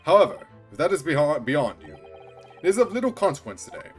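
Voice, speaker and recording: A man voicing a pompous, eccentric gentleman detective from a video game, with grand formal delivery. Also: fairly high pitch, big pitch swings, fast, soft background music. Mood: theatrical.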